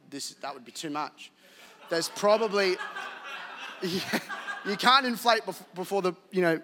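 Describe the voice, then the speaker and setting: A man preaching a sermon as pastor, joking and animated, with acted-out asides. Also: on the high side, long reverb tail, a little hiss or hum. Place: church auditorium.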